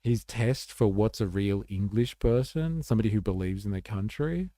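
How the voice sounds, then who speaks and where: A man's voice: on the low side, moderate pace, warm tone, no echo, clean studio sound. A man, hosting a casual livestream and chatting bluntly with viewers, swearing freely and peppering his talk with fillers. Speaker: livestream host. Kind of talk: casual livestream chat, reading viewer comments.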